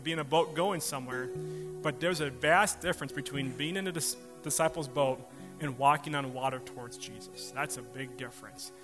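A man's voice: on the high side, a bit bright. A man preaching a sermon, telling a personal story with laughs and acted-out quotes. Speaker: pastor.

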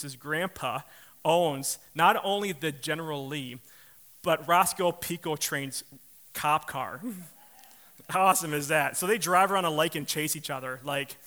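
A man's voice: on the high side, pushed and bright. A man preaching a sermon, telling a personal story with laughs and acted-out quotes. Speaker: pastor.

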